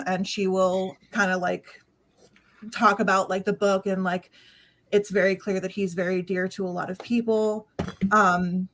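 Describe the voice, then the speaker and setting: A woman's voice: medium pitch, flat delivery, measured pace, a bit bright. A woman playing a tabletop game, describing her character's actions in a rambling way full of fillers. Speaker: player. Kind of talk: casual tabletop play.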